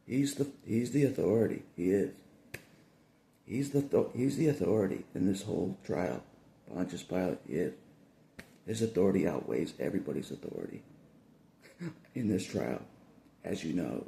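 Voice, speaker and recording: Man, very low gravelly voice, lively swinging pitch, rambling and laughing, echoey room. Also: a little hiss or hum. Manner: laughs often, rambling and repetitive. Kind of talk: casual monologue.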